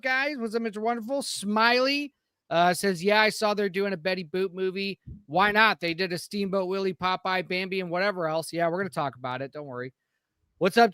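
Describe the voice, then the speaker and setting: A man's voice: sits high, fairly bright tone, no room sound, clean studio sound. A man co-hosting a casual live-stream podcast, upbeat as he greets viewers in the chat by name. He rambles with fillers and restarts along the way. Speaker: podcast co-host.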